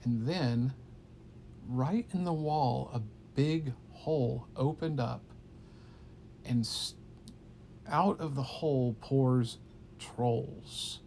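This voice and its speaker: Gravelly man telling a playful story. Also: mid-range voice, drawn-out words, pauses often, slight background noise. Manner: animated, playful, drops to hushed tones. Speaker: storyteller to a child. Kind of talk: improvised bedtime story.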